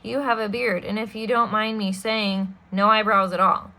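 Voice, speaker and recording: A woman plays a fussy, stiff gentleman who scolds children in a prim, stern way. The voice stays bright and clear. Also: mid-range voice, fairly even intonation, normal speed. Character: stiff, fussy adult male banker.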